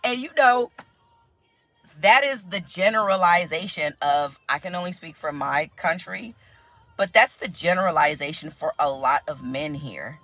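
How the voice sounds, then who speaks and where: Fairly low-pitched and unhurried, an American woman talks to her vlog camera in a relaxed, chatty way, often laughing. When she repeats what others said, she uses animated voices. No echo, with soft background music.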